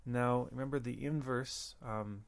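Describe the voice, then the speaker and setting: A man teaching a language lesson, slowly repeating words and pausing to think. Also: medium pitch, steady tone, gravelly. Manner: slow, careful, repeats words with pauses. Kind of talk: recorded audio lesson.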